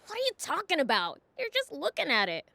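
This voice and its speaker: A high young demon prince. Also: female voice, huge pitch swings, a little fast, gravelly, bright, forceful tone, no echo, heavily acted. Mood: curious. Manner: direct, curious questions. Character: young male demon prince, bike-loving. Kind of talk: video game dialogue.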